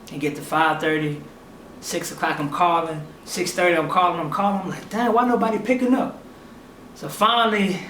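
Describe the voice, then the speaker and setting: A young man casually telling a personal story, animated and acting out what others said. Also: a little high, a little hiss or hum. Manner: animated, acts out other people's lines in quotes. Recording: echoey room, mic at a distance.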